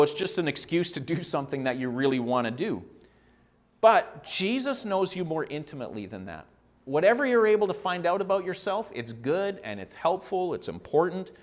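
A man preaching a sermon in an earnest, conversational way, repeating phrases for emphasis and briefly acting out quoted lines. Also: on the high side.

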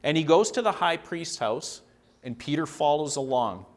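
A man's voice: on the high side, animated, normal speed. A man preaching a sermon in an earnest, conversational way, repeating phrases for emphasis and briefly acting out quoted lines.

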